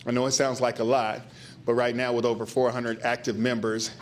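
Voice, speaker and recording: An upbeat man opens a business luncheon as its host, chatty and warm with his guests. His voice sits at an ordinary middle pitch. A faint hum of the room sits under his voice. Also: level tone, a little fast. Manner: upbeat, chatty, repeats words for emphasis. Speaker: business engagement manager, event host. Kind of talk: casual welcoming remarks at a luncheon.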